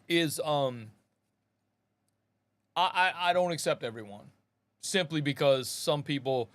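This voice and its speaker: A man's voice: mid-range voice, fairly bright tone. A middle-aged man hosting a live show, chatting casually in a rambling, slangy way and calling listeners bro and man. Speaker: podcast host. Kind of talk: casual live-stream chat.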